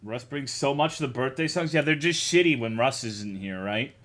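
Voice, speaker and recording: A man's voice: medium pitch, moderate pace, fairly bright tone. Male live-streamer, profane joking chat with viewers, mid-range voice.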